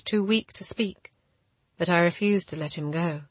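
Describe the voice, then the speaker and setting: Brief: woman narrator for a first-person novel, steady, husky timbre, dry studio sound. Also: fairly low pitch, moderate pace, no echo. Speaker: audiobook narrator.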